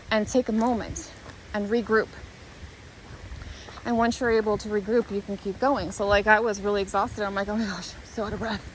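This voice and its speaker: A woman's voice: on the high side, fairly bright tone, slight background noise, poor audio. A woman talking to the camera while walking a hiking trail outdoors, thinking aloud in an earnest, rambling, reflective way. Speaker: vlogger.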